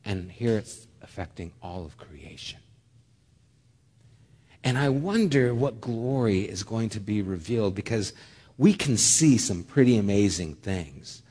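A man preaching a sermon, telling a lively personal story with humor, then dropping soft and low for solemn points. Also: a little slow, big-room sound. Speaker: pastor.

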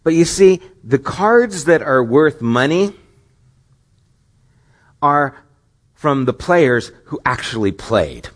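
A man's voice: a little high, very animated, takes it slowly, pauses often. A middle-aged man preaching a sermon as pastor, earnest and questioning, with rising emphatic stretches.

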